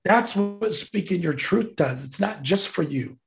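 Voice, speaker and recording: A man's voice: high-pitched, animated, a little slow, creaky, music in the background. A man, a military veteran guest, telling an emotional personal story in a heartfelt, emphatic way. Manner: heartfelt, emphatic, choked up at times.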